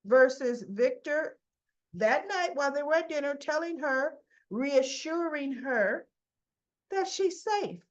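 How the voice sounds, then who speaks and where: A chatty, opinionated woman recapping the latest episodes in an unhurried, fairly high voice. She restarts her sentences often, and the recording is dull and lo-fi. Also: expressive. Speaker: soap opera recap host. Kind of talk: casual spoken recap.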